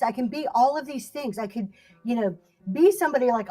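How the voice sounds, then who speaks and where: A woman's voice: on the high side, a little fast, mellow, soft background music. A middle-aged woman teaching live selling in a casual livestream, chatty and laughing often, speaking to viewers by name.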